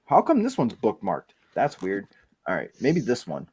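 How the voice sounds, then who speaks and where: A man hosting a casual podcast, talking about his book in a rambling, profane, excitable way. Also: on the low side, normal speed, slightly rough. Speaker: podcast host and author. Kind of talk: casual chat.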